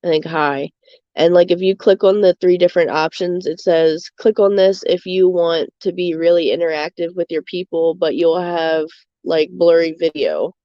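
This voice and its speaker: A woman's voice: lowish voice, fairly even intonation, moderate pace, dry recording. Young woman, livestream chat from bed, slightly breathless rambling, dull dry recording. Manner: rambling with many fillers. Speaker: streamer. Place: bedroom.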